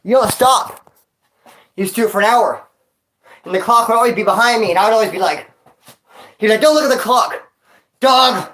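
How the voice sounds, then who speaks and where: A man's voice: high voice, fairly quick, long pauses, a bit bright. A man telling stories on a casual vlog into his phone, winded after exercise, talking street slang and calling the listener dog and homie. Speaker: vlogger.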